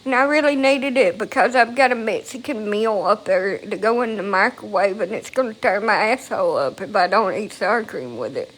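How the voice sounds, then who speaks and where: A woman talks into her phone at home in a loose, rambling monologue. She sounds emotional and swears freely. Her voice sits at an ordinary middle pitch. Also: normal speed, hardly any pauses, a bit bright. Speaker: vlogger. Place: at home, indoors.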